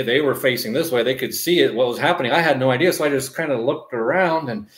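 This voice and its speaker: Animated male preacher in an echoey room. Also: fairly high pitch. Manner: animated storytelling with acted-out voices. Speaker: pastor. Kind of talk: sermon.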